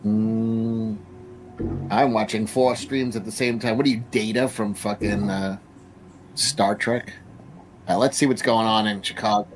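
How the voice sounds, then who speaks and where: A man's voice: lowish voice, fairly even intonation, measured pace, faint music behind, poor audio. A man streaming live reaction commentary, swearing and mocking the people on screen in a combative way.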